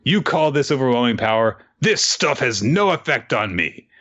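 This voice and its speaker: A man's voice: mid-range voice, sing-song, normal speed, a bit bright, dull audio, pitched above the performer's own voice. Luffy: a man doing a defiant young pirate captain. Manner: defiant, rousing speech.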